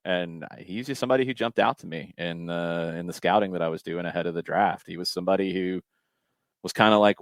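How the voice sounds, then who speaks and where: A man's voice: sits low, a little fast, dry recording. A man hosting a casual soccer podcast, reading out listener questions and thinking aloud with frequent restarts and fillers. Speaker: podcast host.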